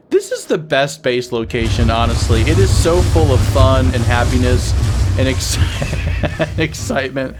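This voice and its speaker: A young man at home talks casually over his game, playful and quick to break into wheezing giggles. His voice sits at a medium pitch, recorded on a desk mic with a faint hiss behind it. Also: big pitch swings. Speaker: gaming channel host.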